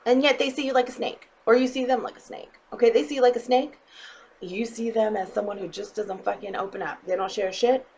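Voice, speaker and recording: A woman's voice: on the high side, steady tone, brisk, darkish tone, husky, low-quality recording. A woman giving a casual tarot reading to her viewers, blunt and emphatic, swearing freely and often checking in with "okay?". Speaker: tarot reader.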